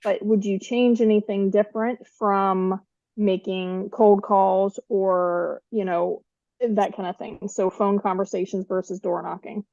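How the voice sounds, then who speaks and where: A woman's voice: medium pitch, steady tone, measured pace, gravelly, warm tone, no echo. Hesitant woman on dull lo-fi audio. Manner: hesitant, tentative. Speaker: trainee asking a question. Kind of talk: question in a coaching session.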